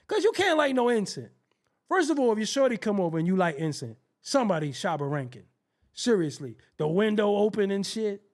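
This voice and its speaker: A man's voice: sits high, fairly quick. A man hosting a show, telling profane comic stories and acting out the people in them, laughing as he goes. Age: adult. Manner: animated, acts out voices, laughs often. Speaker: show host. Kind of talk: profane comedic storytelling.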